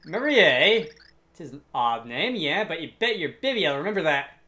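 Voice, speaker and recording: A gamer voicing a burly, boastful male warrior brute in a rough attempt at a Scottish accent, reading game dialogue in character. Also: mid-range voice, sing-song, moderate pace, bright, forceful tone. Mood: gruff. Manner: bellowing, gruff, boisterous.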